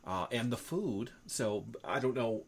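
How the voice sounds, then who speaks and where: A man hosts a casual talk show in a meandering, hesitant way. His pitch moves around a lot as he talks. Faint room noise sits behind his voice. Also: lively intonation, unhurried. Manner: rambling, hesitant, lots of fillers and laughs. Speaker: host. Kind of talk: casual chat.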